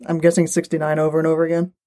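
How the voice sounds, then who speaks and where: A woman's voice: sits low, monotone, very fast, dark tone, reverberant. A woman hosting a podcast, chatting in a playful, teasing way. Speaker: podcast host. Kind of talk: casual chat.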